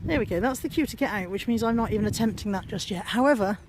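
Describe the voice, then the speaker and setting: A woman's voice: mid-range voice, fast. Breathless, chatty british woman outdoors. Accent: British English. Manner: chatty, self-deprecating and wry. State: out of breath and snuffly with a cold. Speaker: vlogger. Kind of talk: casual vlog narration. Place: outdoors at a car boot sale in a car park. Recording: noisy outdoor recording.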